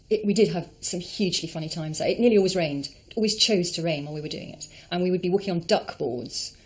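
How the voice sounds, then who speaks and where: Low-voiced woman reminiscing. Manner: fond, hesitant, full of ums and you knows. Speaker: interviewee. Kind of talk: reminiscing interview.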